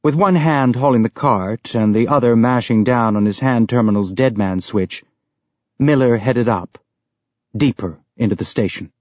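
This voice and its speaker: A man reading audiobook narration in a steady, even way, on a dry, dull lo-fi recording. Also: medium pitch, moderate pace, no room sound.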